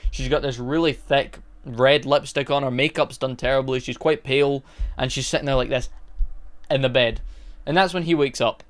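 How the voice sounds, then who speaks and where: A young man with a smooth, clear voice chats through a film review at a middle pitch. He rambles through the plot, stopping to correct himself and reach for words. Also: fairly even intonation, normal speed. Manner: rambling plot recap with frequent restarts and filler. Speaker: movie reviewer. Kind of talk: casual spoken film review.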